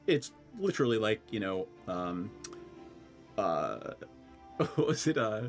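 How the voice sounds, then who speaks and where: A man's voice: lowish voice, sing-song, takes it slowly, faint music behind. A young man from Scranton running a tabletop game as game master, chatty and easygoing, often laughing and trailing off into fillers. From Scranton, Pennsylvania.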